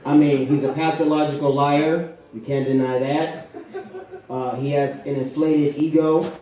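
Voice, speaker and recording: A young man doing a rambling, profane stand-up set on stage, with lots of fillers and a deadpan delivery. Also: fairly high pitch, measured pace, slight background noise. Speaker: stand-up comedian. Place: comedy club stage. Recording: echoey club from far off, crowd laughing. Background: audience laughter.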